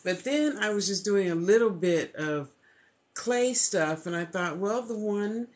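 A woman's voice: fairly low pitch, animated. A woman vlogger in casual, gushing chat while opening a gift box. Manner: gushing, thankful, talks slowly.

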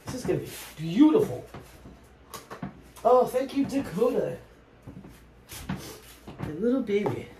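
A woman vlogger chatting casually while she paints, soft-spoken and reflective, often trailing off mid-sentence. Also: medium pitch, sing-song, measured pace, long pauses. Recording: roomy echo with faint noise.

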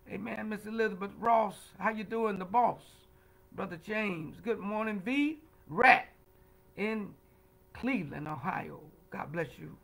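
High, bright-voiced preaching man. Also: gravelly, rough recording. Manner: call-and-response preaching, frequent "amen" and "huh?"; repeats words, stammering restarts. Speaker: pastor leading Bible study. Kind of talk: livestreamed Bible study teaching.

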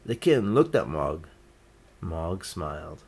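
Slow, lively male storybook reader. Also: creaky, slight background noise. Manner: gentle, lifting his pitch for the family's quoted lines. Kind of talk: reading a picture book aloud.

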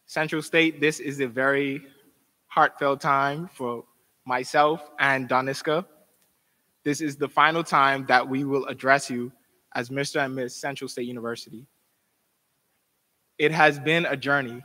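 A man's voice: mid-range voice, fairly even intonation, measured pace, long pauses, sharp tone. A young man giving a formal, heartfelt farewell address as an outgoing university title holder. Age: young adult. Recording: long reverb of a hall.

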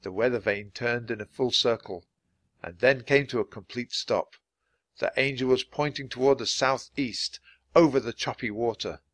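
A man reading a children's adventure book aloud, clear and steady for language learners. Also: mid-range voice, moderate pace, no echo. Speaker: storybook reader.

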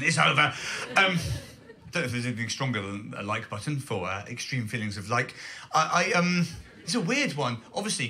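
A man doing a self-deprecating stand-up routine on a comedy club stage, rambling with lots of hesitations. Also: on the high side. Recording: noisy live club recording.

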